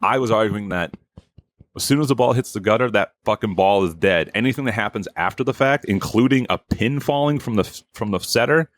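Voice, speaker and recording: A man's voice: fairly low pitch, a little fast, no echo. A man hosting a podcast, telling a story in a heated, profane way and acting out what people said. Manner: profane, heated, acts out quotes. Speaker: podcast host. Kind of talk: casual storytelling.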